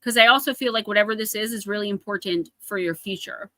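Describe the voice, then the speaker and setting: Bright-voiced New Jersey woman reading oracle cards. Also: mid-range voice, fast talker, dry recording. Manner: chatty, speaks directly to viewers by name. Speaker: oracle card reader. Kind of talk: live oracle card reading.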